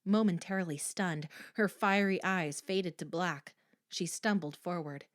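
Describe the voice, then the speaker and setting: Woman audiobook narrator, slow deliberate read, lowish voice, dry close sound. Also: dry recording. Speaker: audiobook reader.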